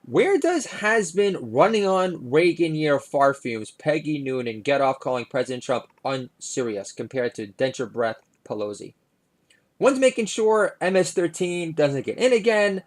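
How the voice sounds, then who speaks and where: A man's voice: on the high side, very animated, a little slow. A middle-aged man, a comedian hosting his own podcast, delivering a rambling, sardonic monologue full of "uh"s. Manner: sardonic, filler-heavy delivery with frequent "uh".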